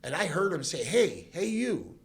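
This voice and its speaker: His voice sits high and moves at a moderate pace. This Southern Californian is a podcast guest spinning a story in a relaxed interview, animatedly performing the voices of the characters and laughing a lot.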